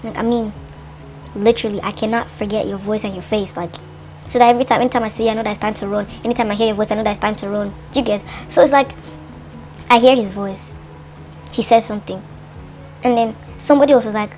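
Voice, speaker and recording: A young woman, telling a storytime vlog in a lively, dramatic way. She leans on fillers and replays her own thoughts aloud. Her voice sits at a middle pitch, with faint music underneath. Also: quick pace. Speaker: vlogger.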